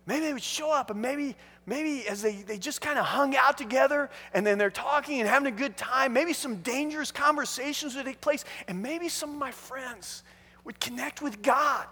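A man's voice: extremely high pitch, moderate pace, bright, forceful tone, breathy edge, big-room sound, heavily acted. A man doing an eager party host thinking aloud. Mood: hopeful. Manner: breathless, enthusiastic thinking aloud.

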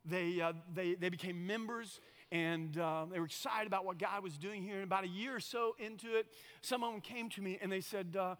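Middle-aged male pastor, very high bright voice, animated and folksy. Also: brisk, big-room sound. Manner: animated storytelling, folksy asides. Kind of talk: sermon.

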